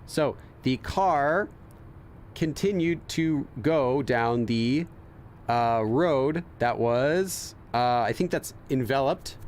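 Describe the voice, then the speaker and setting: Slow and a little mellow, with lively intonation, this mid-range let's play host reads on-screen text aloud and translates it as a Korean learner. He thinks aloud with lots of fillers and restarts over a faint hiss or hum.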